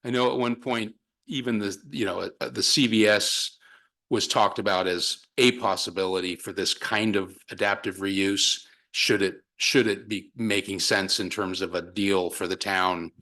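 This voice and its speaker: Gravelly low-voiced man presenting. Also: fairly even intonation, moderate pace, pushed and bright. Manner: hesitant, many fillers and restarts. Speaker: consultant presenting to a town commission. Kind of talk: public meeting presentation.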